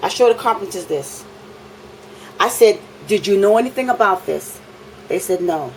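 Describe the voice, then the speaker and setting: A woman's voice: mid-range voice, lively intonation, moderate pace, slight background noise, low-quality recording. A woman, filming an impassioned complaint in her apartment, talking indignantly and repeating phrases for emphasis.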